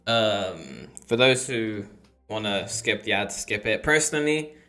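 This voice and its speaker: A man's voice: on the low side, lively intonation, a little slow, pushed and bright. A man streaming a reaction video, chatting in rambling asides to his viewers. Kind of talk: casual reaction commentary.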